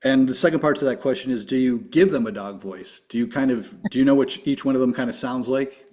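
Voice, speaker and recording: A man hosting a podcast interview, upbeat and friendly as he asks his guest quick questions. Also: mid-range voice, darkish tone. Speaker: podcast host. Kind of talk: casual interview.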